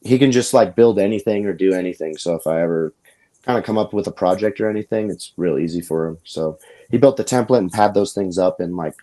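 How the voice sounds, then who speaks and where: A man's voice: low voice, fairly quick, warm tone. A man from Colorado, a grappling coach, chatting easygoingly as a podcast guest. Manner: laid-back, easygoing. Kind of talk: casual podcast chat.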